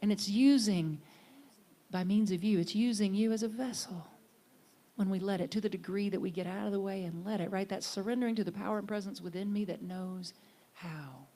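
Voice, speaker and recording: A middle-aged woman minister giving a conversational, earnest sermon, sometimes lifting her voice for emphasis and sometimes dropping to a hush. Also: mid-range voice, a little fast. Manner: earnest, conversational, swings from bright emphasis to soft hushed lines.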